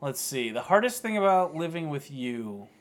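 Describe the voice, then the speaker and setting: A man co-hosting a podcast in casual chat, talking in halting bursts with frequent restarts. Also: on the high side, sing-song. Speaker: podcast co-host.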